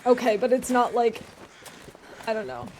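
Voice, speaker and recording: A woman's voice: a little high, steady tone, moderate pace, darkish tone, slight background noise. Chatty young woman streaming a game. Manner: chatty, laughs often, reacts to chat. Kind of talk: casual gameplay commentary.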